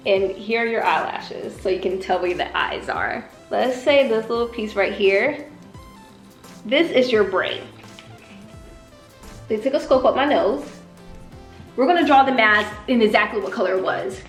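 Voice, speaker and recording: Animated young woman with a country accent. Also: medium pitch, measured pace, pauses often. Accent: Southern US country. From Southern US. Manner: animated, acts out dialogue with exaggerated voices. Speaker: vlogger. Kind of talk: personal storytelling vlog. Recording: echoey room with faint music.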